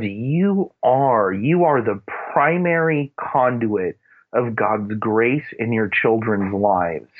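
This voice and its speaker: A man sharing earnest, rambling faith-based parenting advice in casual chat, with plenty of fillers. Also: medium pitch. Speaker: Christian parenting guest. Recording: phone-like narrow radio sound.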